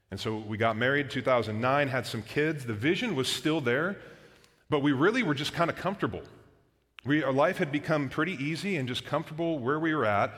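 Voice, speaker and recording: Conversational pastor in a reverberant hall. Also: male voice, mid-range voice, fairly quick, fairly bright tone. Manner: conversational, storytelling with filler words. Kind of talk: sermon. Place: church auditorium.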